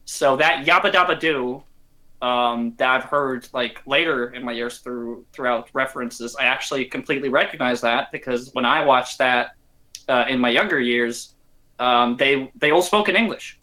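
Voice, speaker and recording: A man, talking as a guest on a casual podcast. His voice is bright and forward, and his thoughts wander and restart as he goes. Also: mid-range voice, normal speed, poor audio. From Norway. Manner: rambling, self-interrupting.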